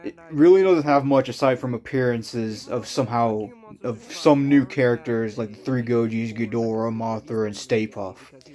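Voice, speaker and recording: A young man giving casual commentary on his own old videos, rambling and self-mocking, with quick bursts and trailing asides. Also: medium pitch, dark tone.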